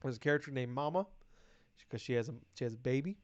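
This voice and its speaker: A man's voice: medium pitch, fast talker, dry recording. Profane, ranting podcast guy. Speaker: podcast co-host. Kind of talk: casual chat. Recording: dull lo-fi recording.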